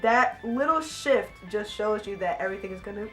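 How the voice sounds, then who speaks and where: Young woman, casual book-review vlogger, mid-pitch, excitable and rambling, faint music under her voice. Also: brisk. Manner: animated, gushing, rambling with many "I was just like" asides.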